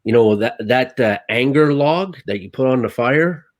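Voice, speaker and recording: A man who works as a stuntman, a guest telling stories in casual, animated talk, swearing often and acting out his own lines. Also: mid-range voice, moderate pace, dry recording. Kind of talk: casual storytelling.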